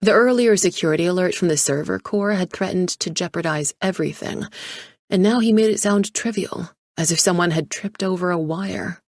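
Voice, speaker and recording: A woman narrating a thriller audiobook in a measured storytelling style, close to the mic. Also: fairly low pitch, darkish tone, no echo.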